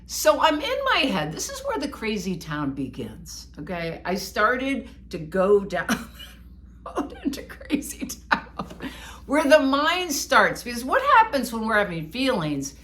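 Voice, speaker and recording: A woman co-hosting a podcast, telling a personal story in an animated, self-mocking way. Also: a little high, unhurried. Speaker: podcast co-host. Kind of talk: casual storytelling chat.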